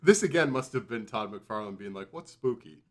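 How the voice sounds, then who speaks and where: A man's voice: fairly low pitch, animated, a little fast, a little hiss or hum. Laughing, rambling man on a podcast. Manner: swears freely, rambling and laughing. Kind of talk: casual podcast chat.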